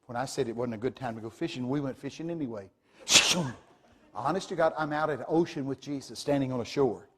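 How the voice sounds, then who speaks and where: A man preaching a sermon, retelling a vision in a dramatic, animated way with sudden loud exclamations. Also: medium pitch, fast talker, hardly any pauses, heavy background noise. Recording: long hall reverb.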